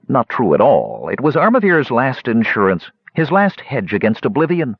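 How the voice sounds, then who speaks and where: A man narrating a fantasy audiobook in a measured, expressive reading style. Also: mid-range voice, slightly rough, no echo. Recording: dry, dull lo-fi recording.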